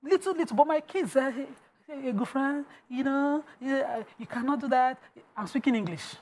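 A woman with a Nigerian accent co-hosting a casual panel chat. She is an animated storyteller and slips into Pidgin phrases. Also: high-pitched, moderate pace. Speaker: co-host.

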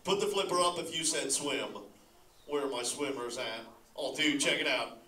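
A man's voice: medium pitch, normal speed, slight background noise, lightly acted. A man playing a laid-back surfer-dude sea turtle dad who says "dude" constantly and laughs a lot while chatting with a live audience. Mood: stoked, laid-back. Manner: lively, laughs often, talks straight to the audience. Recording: echoey hall, voice from far off.

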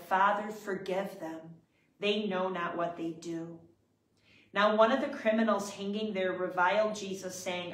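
A woman leading prayer, reading scripture aloud in a measured, reverent way. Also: mid-range voice. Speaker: prayer leader. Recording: roomy, distant from the mic.

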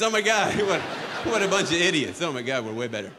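A man's voice: on the high side, very animated, fairly quick, in a large hall, background noise. A man doing a stand-up comedy set on a club stage, ranting with exasperated sarcasm.

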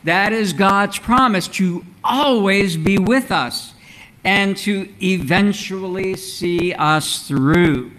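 A man preaching a sermon as pastor in a church, in a measured, earnest way with rhetorical questions. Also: high-pitched, fairly bright tone, rough recording. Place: church sanctuary.

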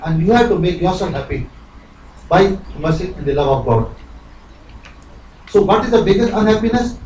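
A man's voice: sits high, expressive, moderate pace, background noise. A man giving a devotional sermon, earnest and rhetorical, acting out imagined dialogues. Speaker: spiritual teacher. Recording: roomy live recording from far off, faint ambience.

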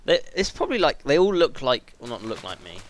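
A man's voice: medium pitch, big pitch swings, brisk, slight background noise. A teenage boy commentating his own gameplay. He swears freely, rambles, and yelps when something startles him. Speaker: gaming video host. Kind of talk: let's play commentary.

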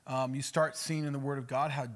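A man's voice: medium pitch, little pitch movement, brisk. A man, a pastor, teaching in an emphatic, conversational way on a podcast. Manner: emphatic, acts out spoken prayers.

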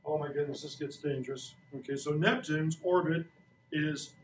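A man in his sixties playfully teaches children a science lesson in a school classroom, joking and quizzing them with questions. His voice is on the high side and moderately paced. Captured from a distance, the echoey recording carries a little hiss or hum.

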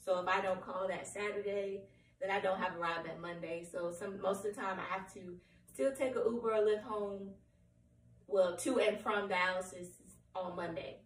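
A woman with a hoarse, cracking voice giving a candid personal update at home, rambling and apologetic with many ums. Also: mid-range voice, fairly even intonation, moderate pace, slight background noise. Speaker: vlogger. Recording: roomy, distant from the mic, faint room ambience.

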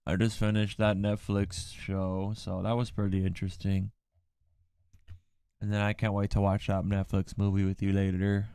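Joking male streamer with a smooth, resonant voice and a dry, close sound. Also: lowish voice, monotone, normal speed, mellow, dry recording. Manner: joking, teasing banter. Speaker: livestreamer. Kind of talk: casual livestream chat.

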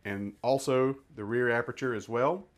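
A man's voice: mid-range voice, normal speed, soft background music. A man reviewing gear in a casual hands-on demonstration, chatting and thinking aloud as he handles each part.

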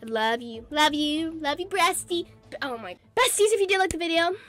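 Excitable girl gamer vlogging, high voice, squeals a lot, faint music under her. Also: fairly quick. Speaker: gaming video creator. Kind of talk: casual gaming commentary.

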